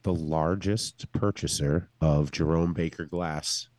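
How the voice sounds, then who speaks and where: A man's voice: a bass voice, steady tone, slow, darkish tone. A man, a regular on the podcast, calling in from abroad and chatting casually, loose and joking and swearing freely. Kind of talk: casual chat. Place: traveling abroad, calling in remotely.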